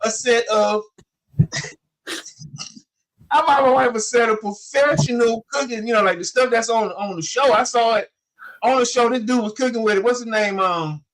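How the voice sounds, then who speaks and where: A man in his forties telling a story in casual chat, animated, acting out the quotes with many fillers. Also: very high-pitched, moderate pace, pauses often. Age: 40s. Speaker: podcast co-host.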